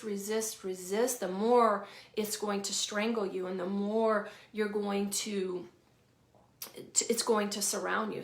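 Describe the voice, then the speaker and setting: A woman with a Southern accent, a healing coach talking casually to camera, candid and informal, swearing freely and laughing easily. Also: fairly high pitch. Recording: roomy echo.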